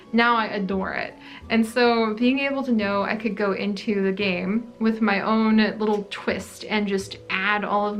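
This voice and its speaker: A woman hosting a gaming channel, chatting casually through a Q&A vlog in a rambling, friendly way. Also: medium pitch. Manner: chatty, rambling, many "like" fillers.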